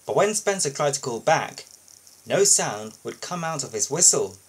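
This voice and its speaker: A man reading a children's storybook aloud in an expressive, sing-song way. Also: mid-range voice, moderate pace, slightly rough, rough recording. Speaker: storybook reader.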